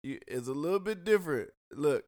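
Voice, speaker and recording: A man's voice: a little high, expressive, a little fast, darkish tone. A man hosting a casual podcast from a home studio, loose and joking, laughing often. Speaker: podcast host.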